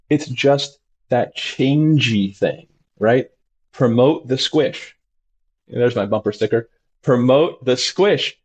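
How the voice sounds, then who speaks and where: This is a man, a doctor speaking as a guest in casual conversation. He tells stories with lots of energy and slips into high, exaggerated voices to mimic his patients. His pitch sits in an ordinary middle range. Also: darkish tone, lo-fi sound. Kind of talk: animated conversational storytelling.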